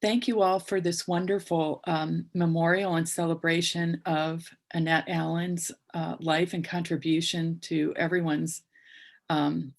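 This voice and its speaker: A woman hosting a memorial on a video call, polite and a little halting, with many fillers as she manages the call. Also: lowish voice. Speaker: memorial host.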